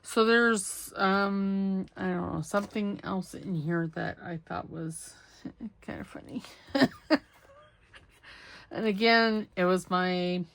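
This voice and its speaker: In this casual crafting vlog, a middle-aged host cuts, sews and inks while chattering away, mocking herself and muttering to herself as she works. She speaks slowly at a medium pitch, her voice creaky and fairly bright.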